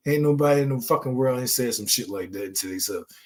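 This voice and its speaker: A man's voice: mid-range voice, quick pace. A man hosting his channel, delivering an impassioned, preachy monologue full of profanity and emphatic outbursts. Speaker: channel host.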